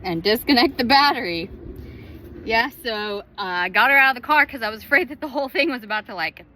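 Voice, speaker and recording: A woman's voice: fairly high pitch, expressive, brisk, bright, forceful tone, slight background noise. A woman in her thirties telling a family story in a chatty vlog, laughing often as she talks. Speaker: vlogger and mother.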